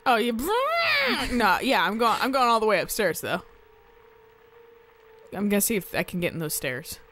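A woman's voice: a little high, very animated, normal speed, noisy background. Giggly young woman playing a horror game. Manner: giggly, joking, swears often. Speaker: let's play commentator. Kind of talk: casual gameplay commentary.

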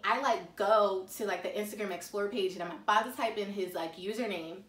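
Brief: woman vlogger, slangy and animated storytelling, recorded from a distance in a roomy space. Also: mid-range voice, fairly quick, hardly any pauses. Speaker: faith vlogger. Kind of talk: casual confessional talk. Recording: echoey room, mic at a distance.

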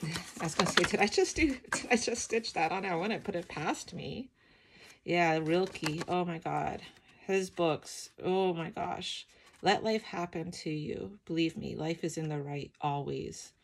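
Brief: middle-aged woman, sleepy gravelly low voice, reflective art-journal vlog, noisy recording. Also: a little slow. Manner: soft, emotional, reflective, many ums. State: sleepy morning voice. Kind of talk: casual flip-through chat.

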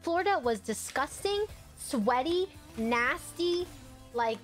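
A young adult woman chatting casually and excitably while commentating her own gameplay, quick to laugh and to yell at the screen. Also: sits high, soft background music. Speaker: gaming streamer.

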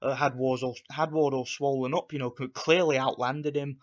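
A man's voice: medium pitch, fairly even intonation, moderate pace, dull audio. A man giving an angry, profane rant as he reviews a boxing fight for his channel, repeating himself and piling on insults. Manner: angry, profane, repetitive ranting.

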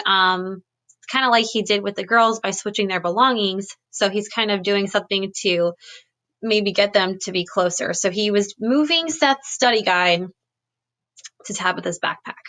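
A woman teacher speaks to her class through a computer webcam, gently recapping before reading a storybook aloud. Her voice is bright and clear, with a mid-range pitch.

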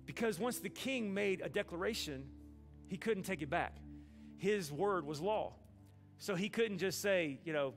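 A man's voice: high voice, expressive, normal speed, soft background music. A man from Alabama, preaching a sermon in a folksy, humorous storytelling way. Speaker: pastor.

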